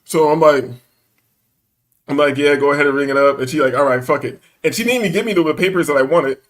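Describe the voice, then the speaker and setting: A man's voice: on the high side, quick pace. A man telling a story in casual chat, acting out the quotes and laughing often, with profane slangy banter.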